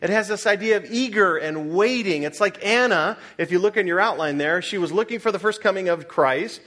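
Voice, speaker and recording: A middle-aged male pastor preaching a sermon, asking his congregation questions and moving between loud urging and quiet personal stories. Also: sits high, brisk.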